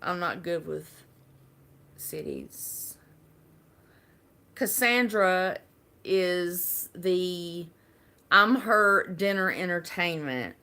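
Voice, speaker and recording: A woman's voice: lowish voice, expressive, extremely slow, long pauses, pushed and bright. A woman from Alabama with a Southern accent, chatting casually and rambling on a live stream, laughing often. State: unwell.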